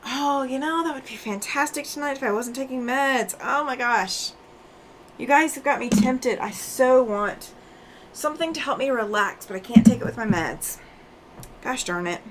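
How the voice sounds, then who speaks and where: A woman's voice: high-pitched, normal speed, noisy background. A woman hosting a quilting livestream, chatting casually and laughing often while she sews and reads out viewer comments; she sounds tired after road travel.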